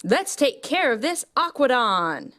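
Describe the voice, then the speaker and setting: A woman's voice: high voice, sing-song, measured pace, fairly bright tone, pitched below the performer's own voice, heavily acted. Woman voicing a brave young dino-truck hero. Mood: eager.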